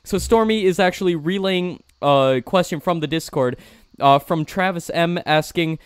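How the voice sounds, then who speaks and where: Young male stream host, slightly raised pitch, smooth clear voice, dry sound, upbeat and effusive. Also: normal speed, dry recording. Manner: upbeat, effusive thanks, repeats himself. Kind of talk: live-stream interview, reading viewer questions.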